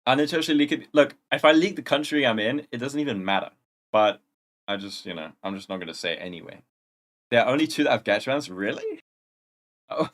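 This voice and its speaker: A man's voice: mid-range voice, expressive, fast talker, fairly bright tone. A young man hosting a casual livestream, rambling through chat questions in gamer slang. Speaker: livestream host.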